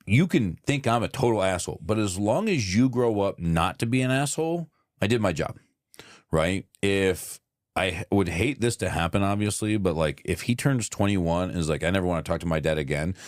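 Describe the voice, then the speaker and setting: A man with a low, deep voice, talking casually on a podcast and acting out what people said as he tells stories. He swears freely. The sound is dry and close, with no room echo. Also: brisk. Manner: animated storyteller acting out quotes, swears freely. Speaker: podcast co-host. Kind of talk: casual chat.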